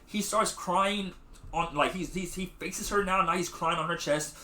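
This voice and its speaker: A man's voice: high voice, lively intonation, brisk, bright, forceful tone, echoey room. A man hosting a podcast, recapping a movie in loose slangy chat full of swearing and acted-out quotes. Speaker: podcast host.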